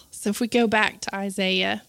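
A woman's voice: mid-range voice, creaky, a bit bright, clean tone. A woman preaching a sermon, retelling scripture and rising to impassioned, fervent cries.

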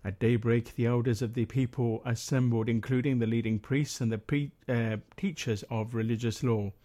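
Man reading the bible out loud at a prayer meeting, mellow relaxed voice, steady, some uhs when he talks off the page. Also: mid-range voice, normal speed. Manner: steady reading, with hesitant fillers when speaking freely. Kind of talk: Bible reading and spoken commentary.

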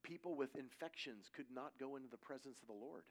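Fairly quick and medium-pitched, this middle-aged preacher delivers his sermon like a conversation, spinning casual stories and voicing the characters he quotes.

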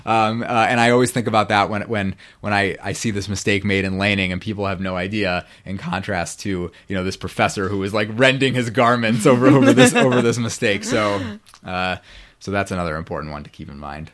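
A man's voice: on the low side, a little fast, a bit bright. A man guest on a podcast, explaining biblical Hebrew in a teacherly way and often checking in with "right?". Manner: precise about Hebrew pronunciation. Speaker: podcast guest, Bible scholar.

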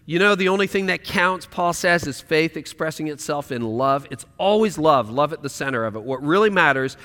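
A man preaching a sermon as pastor, impassioned, swinging from loud declarations to hushed, quiet lines. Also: a little high, animated, a little fast, hardly any pauses, big-room sound.

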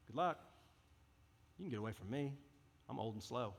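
A man's voice: mid-range voice, lively intonation, normal speed, vocal fry, pauses often, a bit bright. Impassioned male preacher in a reverberant hall. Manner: earnest, impassioned, conversational preaching. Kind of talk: sermon. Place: church service hall.

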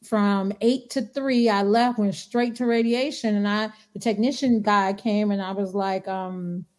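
A woman guest in casual podcast chat, telling a personal story in an animated way and acting out what people said. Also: mid-range voice, a little slow.

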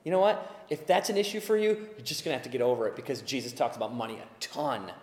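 A man preaching a sermon as pastor, earnest, swinging from hushed, slow asides to loud shouted urging. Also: mid-range voice, reverberant, big-room sound.

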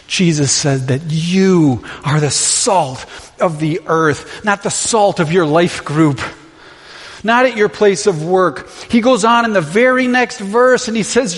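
Guy preaching, pretty high voice, lots of rhetorical questions, big echoey church. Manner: impassioned, full of rhetorical questions. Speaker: pastor. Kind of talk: sermon. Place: church sanctuary. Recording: long reverb of a large hall.

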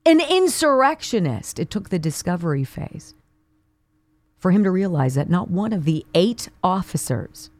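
Indignant woman radio host, lively delivery. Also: lowish voice, moderate pace, dry recording. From Pittsburgh area. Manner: indignant, emphatic, rhetorical questions. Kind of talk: opinion monologue.

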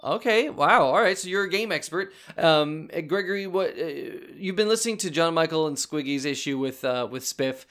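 A man's voice: a little high, lively intonation, moderate pace, few pauses, fairly bright tone. A man hosting an improvised comedy podcast as an advice doctor, flustered, theatrical and full of stammers.

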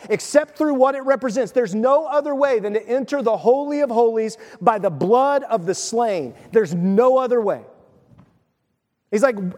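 A pastor with a very high, slightly mellow voice preaches a sermon emphatically, putting questions to his listeners. The recording has a long reverb tail.

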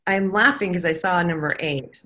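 A woman speaking as a psychic medium, chatty and excitable, relaying what she senses. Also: lowish voice, normal speed. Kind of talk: casual chat.

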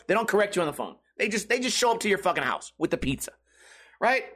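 A man tells a comedy podcast story in a profane, exasperated rant. His voice sits high and swings widely, bright and forceful, and he mimics the people he describes. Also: big pitch swings, fast talker, breathy edge. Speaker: podcast host.

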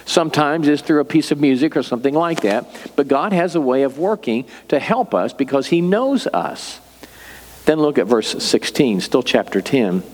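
An older man preaching a sermon as a pastor, telling stories in a relaxed, conversational way. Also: fairly high pitch, moderate pace, in a large hall.

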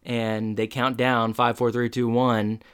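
A man co-hosting a podcast, retelling a TV episode in relaxed, casual storytelling. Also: medium pitch, takes it slowly, smooth. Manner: relaxed storytelling with fillers and laughs. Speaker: podcast co-host. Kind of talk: casual episode recap chat.

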